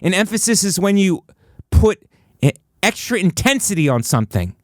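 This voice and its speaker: A male comedian holds forth alone at a studio microphone, his voice sitting a touch high for a man. He slips into grand, mock-motivational rants, then drops into low, offhand asides. The sound is dry and close, with almost no room around it. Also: a little fast, no echo. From United States. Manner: mock-motivational ranting, swinging between high excited bursts and low, flat asides. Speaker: comedian and podcast host. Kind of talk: solo comedic podcast monologue. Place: podcast studio.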